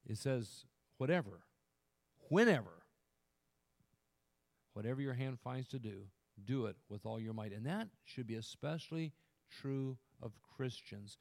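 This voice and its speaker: A man preaching a sermon, who swells loud to stress a point, then drops quiet and earnest, and often restarts words as he presses on. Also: medium pitch, moderate pace, creaky. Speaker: pastor.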